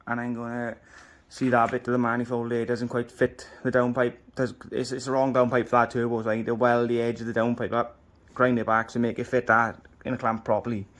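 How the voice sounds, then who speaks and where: A man's voice: mid-range voice, a little hiss or hum. A man walks viewers through his engine work in a home garage, talking in an easygoing, down-to-earth way with the occasional swear word. His voice stays fairly level, with little rise and fall as he explains each step. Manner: chatty, down-to-earth, casual swearing. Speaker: home mechanic vlogger. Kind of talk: casual workshop walkthrough.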